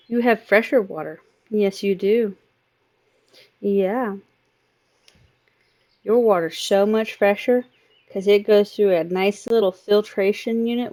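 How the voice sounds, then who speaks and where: A woman's voice: medium pitch, darkish tone. A woman live streamer playing a game and chatting in doting baby talk to her cat. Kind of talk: casual chat while gaming.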